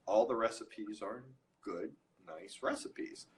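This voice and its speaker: A man chatting as a guest on a live video interview, telling funny stories in an animated way. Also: lowish voice, slow, rough recording. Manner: animated storyteller, self-deprecating jokes. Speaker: interview guest, recipe creator. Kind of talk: casual chat on a live stream. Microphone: phone or computer mic on a video call.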